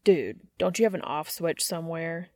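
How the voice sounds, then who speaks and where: Woman playing a tired, deadpan hunter guy, gravelly low voice, close and dry. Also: normal speed, dry recording. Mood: exasperated. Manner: deadpan, exasperated. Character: gruff grown man, weary hunter.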